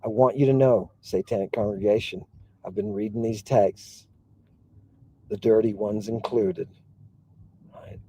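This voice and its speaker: A man's voice: on the low side, fairly even intonation, a little slow, long pauses, mellow, breathy edge. A man hosting a livestream, talking emphatically and in a rambling way, reading and answering viewer comments. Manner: emphatic, rambling, keeps asking "right?". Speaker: host. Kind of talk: livestream talk with chat.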